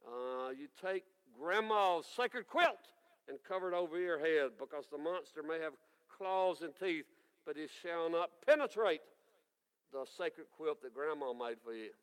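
A man, preaching a sermon as folksy, animated storytelling. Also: on the high side, a little slow, smooth, big-room sound, low-quality recording. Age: 60s.

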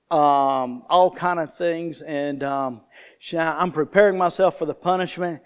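A man's voice: on the high side, a little slow, smooth. Man, pastor, folksy sermon storytelling. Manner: folksy storytelling, addresses the congregation directly.

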